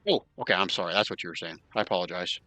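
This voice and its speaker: A man running an online tabletop game as dungeon master, counting moves aloud and tossing in quick asides. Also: low voice, bright, forceful tone, no room sound.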